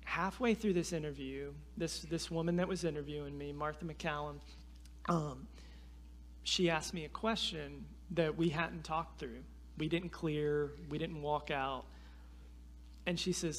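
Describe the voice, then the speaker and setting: A man, telling a story in a sermon in an animated, self-deprecating way. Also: on the high side, measured pace. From North Carolina. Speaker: guest preacher.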